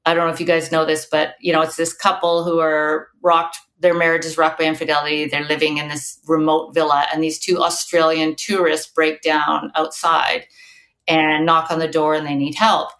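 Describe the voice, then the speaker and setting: Chatty low-pitched woman guest. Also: little pitch movement, normal speed, a bit bright. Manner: chatty, storytelling with many fillers. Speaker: guest author. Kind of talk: casual podcast conversation.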